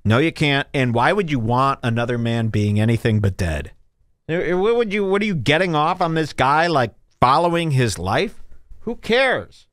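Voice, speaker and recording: A man hosting a comedy podcast, ranting in a mocking, sarcastic way and jumping into put-on high voices. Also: very animated, normal speed, fairly bright tone, no echo, clean studio sound. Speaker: podcast host. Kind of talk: provocative comedy podcast rant.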